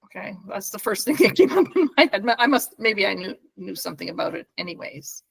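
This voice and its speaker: A woman's voice: mid-range voice, very animated, a little fast, vocal fry, husky. A middle-aged woman co-hosting a podcast, rambling through family stories in casual chat and laughing often. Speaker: podcast co-host.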